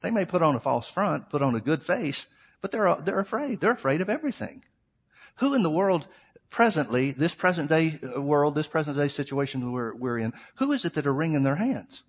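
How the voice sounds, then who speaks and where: A man's voice: on the high side, sing-song, fairly quick, husky. A middle-aged man preaching a sermon, reading scripture and asking the congregation rhetorical questions in a plain, conversational way.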